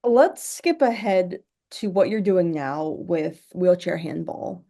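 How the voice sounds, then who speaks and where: A woman hosting a podcast, asking a guest unhurried questions with small restarts. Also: fairly low pitch, animated, vocal fry, warm tone. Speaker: podcast host. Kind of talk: interview questions.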